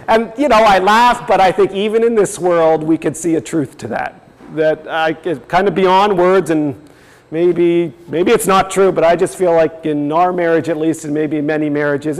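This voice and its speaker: Guy with a high voice explaining doctrine, reads passages out, reverby hall. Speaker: presenter. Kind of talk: religious teaching talk.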